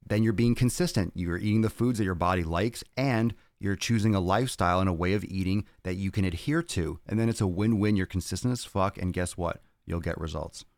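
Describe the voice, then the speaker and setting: A man's voice: low voice, a little fast, hardly any pauses, a little mellow, no echo. A man hosting a fitness podcast, answering viewer questions in a blunt, profane, ranting way.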